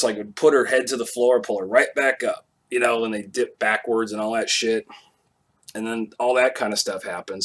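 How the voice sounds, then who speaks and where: A man's voice: fairly low pitch, bright, forceful tone. A man telling a long, rambling, profane story in a laid-back way on a live stream.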